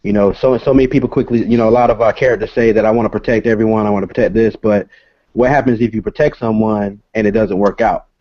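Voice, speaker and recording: Man, comic creator on a video call, low voice, halting and hesitant, dry lo-fi audio. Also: steady tone, dry recording. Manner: halting, many filler sounds. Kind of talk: casual explaining.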